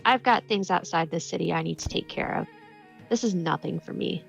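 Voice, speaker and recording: A woman's voice: fairly low pitch, fairly quick, vocal fry, soft background music. A woman voicing a self-absorbed, disdainful female convict in a curt, dismissive way, in tabletop role-play. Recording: dull lo-fi mic.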